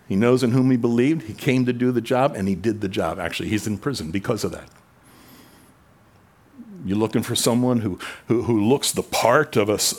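A man preaching a conversational sermon, asking the crowd rhetorical questions and dropping his voice low when quoting scripture. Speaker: pastor. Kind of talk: expository sermon.

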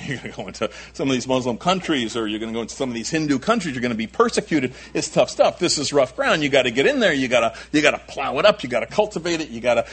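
Male pastor preaching, husky, swoops up and down a lot, keeps repeating stuff for emphasis. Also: medium pitch, lively intonation, a little fast. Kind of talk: sermon.

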